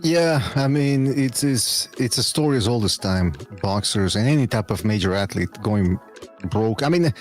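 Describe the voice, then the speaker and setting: A man co-hosting a podcast in casual chat, telling stories in an animated way and laughing often. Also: on the low side, normal speed, soft background music. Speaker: podcast co-host.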